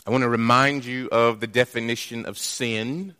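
A man preaching a sermon as a pastor, posing rhetorical questions to the congregation in a deliberate way. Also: mid-range voice, steady tone, bright, forceful tone, clear, resonant tone. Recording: long reverb in a church hall.

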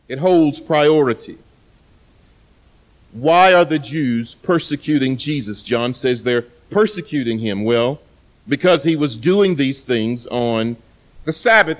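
A man preaching a sermon in a loud, emphatic voice, often repeating words and pausing for effect. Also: fairly high pitch. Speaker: pastor.

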